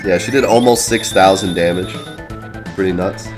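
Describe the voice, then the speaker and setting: Deep-voiced sick man commenting on gameplay. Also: moderate pace. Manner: excitable, yells at the game. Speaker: gameplay streamer. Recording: faint game music behind.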